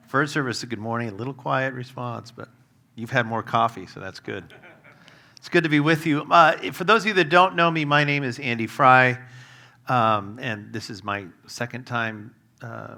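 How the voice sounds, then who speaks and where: This guest preacher has a gravelly, mid-range voice and a steady tone at normal speed. His sermon is chatty and funny, with humorous stories, fillers, self-deprecating wry asides, and loudness that rises and falls.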